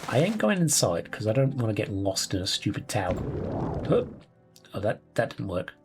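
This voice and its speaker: Chatty, sweary gaming host. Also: male voice, fairly low pitch, very animated, moderate pace, music in the background. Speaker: let's play host. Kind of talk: casual gameplay commentary.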